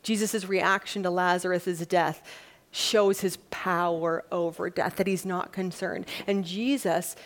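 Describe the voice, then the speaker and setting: A woman's voice: lowish voice, a little slow. A woman preacher giving a sermon in a conversational, plain-spoken way, repeating her key points. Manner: lively, acts out quotes in a mock-panicked voice.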